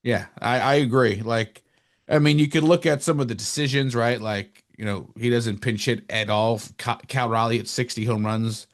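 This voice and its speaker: Casual and quick, a sports podcast co-host from New Jersey rambles with lively energy. Any time he ridicules someone, his voice springs up in pitch.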